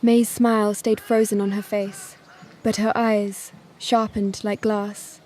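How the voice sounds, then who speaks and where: Calm woman narrating a drama story. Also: medium pitch, slight background noise. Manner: measured, calm, dramatic pacing.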